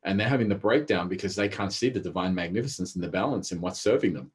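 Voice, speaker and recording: A man talking as an interview guest, telling stories in a fast, animated way. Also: sits low, slightly rough. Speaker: interview guest, behavioural specialist. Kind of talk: casual interview talk.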